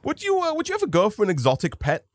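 A man chats over a game with a lively, swooping voice, quick to sound amazed. He sits a little higher in pitch than most men. The recording is dry and close. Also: no echo. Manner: animated, easily amazed, laughs along. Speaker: co-host of a gaming channel. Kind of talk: casual chat while playing a game.

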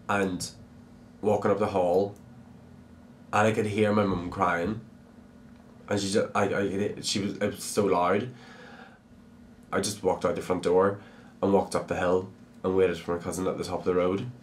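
A young man tells his life story to a documentary camera. His voice sits on the low side. He talks in halting stops and starts, repeating words and filling gaps with fillers. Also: slight background noise. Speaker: drag performer.

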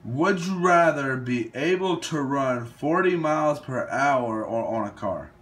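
A man's voice: medium pitch, expressive, unhurried, fairly bright tone. A young man casually commenting while playing a would-you-rather game, thinking aloud and hesitating over his picks. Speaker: gaming video host.

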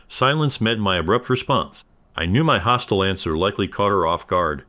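Deep-voiced man narrating a story. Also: expressive, moderate pace, fairly bright tone. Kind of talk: scripted first-person story narration.

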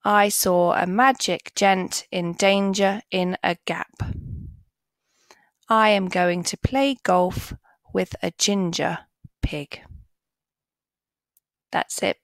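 A woman leads a children's phonics lesson at an extremely slow, careful pace. She sounds each word out letter by letter and then repeats it clearly. Her voice is recorded close and dry, with no room echo. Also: medium pitch. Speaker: phonics teacher.

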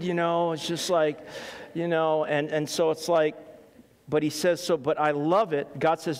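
A man's voice: fairly high pitch, moderate pace. A middle-aged man, preaching a sermon as pastor, telling stories with laughs and acting out quotes. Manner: animated storytelling with laughs and acted quotes. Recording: long hall reverb.

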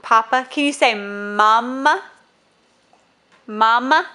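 A woman's voice: fairly high pitch, slow pace, pauses often, very noisy. A young woman filming her small children at home on a phone, coaxing them with encouraging questions. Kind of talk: casual home video. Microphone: phone camera held while filming.

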